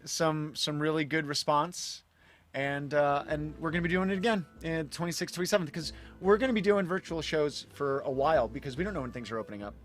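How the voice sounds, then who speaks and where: A man's voice: a little high, fairly quick, faint music behind. Rambling man hosting a casual livestream. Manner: rambling, self-interrupting, chuckling asides. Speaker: livestream host and magician. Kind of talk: casual live-stream chat.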